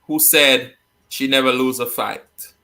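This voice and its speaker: Male host, bright tone, playful and laughing, explains slang to viewers. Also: medium pitch, fairly even intonation, takes it slowly. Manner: playful, laughs often, reads viewer comments aloud. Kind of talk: casual chat teaching slang.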